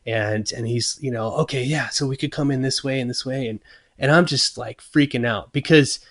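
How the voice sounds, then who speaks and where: A man of middle pitch tells a story in relaxed interview talk. He acts out his own thoughts and what others said, with plenty of ums and restarts along the way. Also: normal speed. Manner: many fillers and restarts. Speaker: guest luthier. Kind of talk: casual storytelling.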